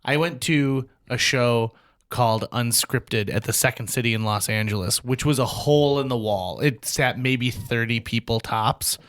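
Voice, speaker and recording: A man from Fargo with a North Dakota accent, telling a lively anecdote on a casual talk show. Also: medium pitch, normal speed. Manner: animated anecdote telling with quoted voices. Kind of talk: casual storytelling.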